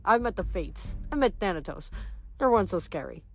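A woman's voice: medium pitch, sing-song, fairly quick. Lady doing a brash teen boy hero, scoffing and jokey, storybook read. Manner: scoffing, casual wisecracks. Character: cocky teenage boy, joking and brash.

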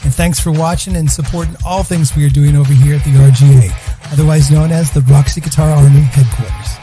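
A man's voice: fairly even intonation, a little fast, mellow. A man reading a friendly scripted advert for a guitar course. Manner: smooth, friendly sales pitch. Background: faint guitar music.

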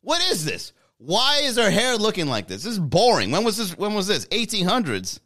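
A man voicing a brash young Miami party guy who talks in loud slang. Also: high-pitched, wildly swooping pitch, normal speed, no room sound, clean studio sound, voice pushed up, heavily acted. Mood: baffled, loud. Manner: slangy, loud, bro-ish.

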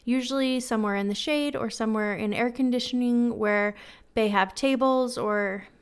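Chatty podcast lady with a slightly high, smooth voice, casual and a bit self-deprecating. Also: moderate pace. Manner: gives friendly advice. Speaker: podcast host.

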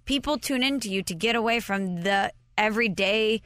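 A woman's voice: mid-range voice, moderate pace, fairly bright tone, clean tone, dry recording. Lady hosting a podcast, upbeat and teasing, dry close sound. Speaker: podcast host. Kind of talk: casual podcast chat.

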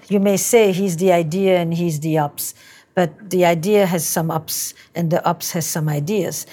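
A woman's voice: fairly low pitch, mellow. A woman therapist with a Belgian accent, probing and laying out ideas in repeating, building patterns. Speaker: couples therapist. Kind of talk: therapy session guidance.

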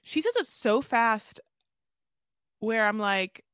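A woman co-hosting a podcast, recapping a reality show in animated, jokey casual chat and swearing freely. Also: on the high side, slow pace, clear, resonant tone, no echo, clean studio sound. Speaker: podcast co-host.

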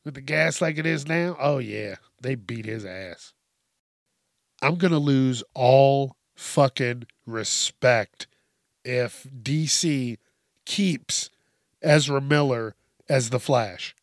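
A man's voice: medium pitch, slow, creaky, no room sound, clean studio sound. A man hosting a casual news commentary show, swearing constantly and laughing at his own stories.

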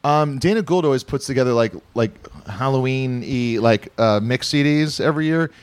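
A man talks at an ordinary middle pitch in loose, casual podcast chat. He teases his friends and swears freely as he goes. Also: normal speed, clear, resonant tone. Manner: loose, profane, teasing.

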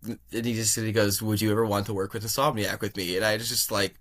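Young male guest, bright voice; animated, chatty anecdote teller who acts out dialogue. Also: fairly low pitch, fast talker. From California. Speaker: podcast guest. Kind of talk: casual storytelling interview.

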